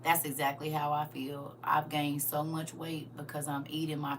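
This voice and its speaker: A woman speaks in with a bright, forceful voice. She talks straight to her livestream viewers, emphatic and preachy. A faint hum sits behind her. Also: low-pitched, steady tone, moderate pace, few pauses. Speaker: livestream host. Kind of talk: casual livestream talk.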